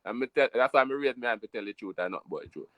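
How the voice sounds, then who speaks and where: A man from Jamaica with a Jamaican accent, telling a story in an animated, emphatic patois style during a casual chat. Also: mid-range voice, very fast, no echo.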